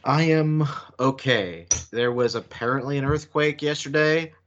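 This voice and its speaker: A man's voice: medium pitch, unhurried, fairly bright tone, lo-fi sound, a little hiss or hum. A man co-hosting a podcast, explaining things at length with frequent restarts. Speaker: podcast co-host. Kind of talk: casual podcast chat.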